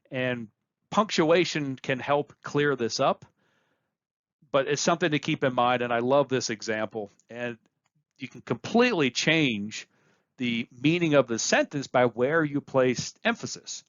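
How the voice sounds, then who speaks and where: A male lecturer delivers a recorded course lesson in a plain, instructive way, often repeating a phrase to drive it home. His voice sits at an ordinary pitch for a man. The audio is dry, with a slightly muffled, lo-fi edge. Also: fairly bright tone, no echo.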